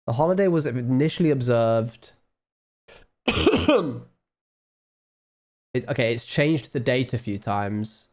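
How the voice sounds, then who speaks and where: Under-the-weather male streamer, casual rambling chat, self-mocking, mid pitch. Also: animated, takes it slowly, pauses often, a little mellow. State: ill, low on energy. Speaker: live streamer.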